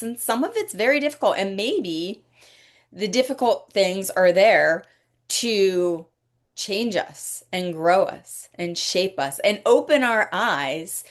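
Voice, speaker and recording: This podcast host is a woman with a sing-song, mid-range voice. Her faith-based conversation is casual, slow and reflective, broken by pauses as she hunts for words.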